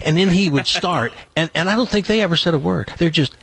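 An older man hosting a radio show, telling stories in casual studio chat and dropping into a deep voice for quotes. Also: fast talker, vocal fry, few pauses, husky. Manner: animated storyteller, drops into a deep put-on voice for quotes.

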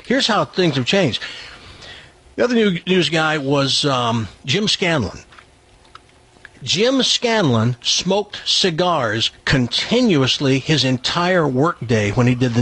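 An older man hosting a radio show, telling stories in casual studio chat and dropping into a deep voice for quotes. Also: slightly rough, dry recording. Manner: animated storyteller, drops into a deep put-on voice for quotes.

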